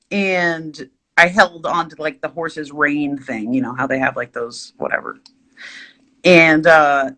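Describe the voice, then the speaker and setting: A woman's voice: lowish voice, sharp tone. A woman vlogger telling a rambling, exaggerated story while she draws.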